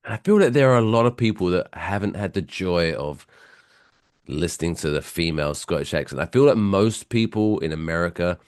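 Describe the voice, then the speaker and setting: Deep-voiced man with a fading voice. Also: lively intonation, fairly quick, dry recording, studio quality. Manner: rambling, joking, chatty. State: voice going hoarse. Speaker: podcast co-host. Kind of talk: casual podcast banter.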